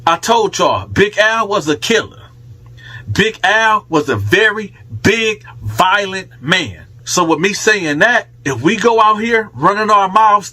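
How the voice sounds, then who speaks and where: Man, bright tone, husky, casual storytime, slangy, animated. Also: high-pitched.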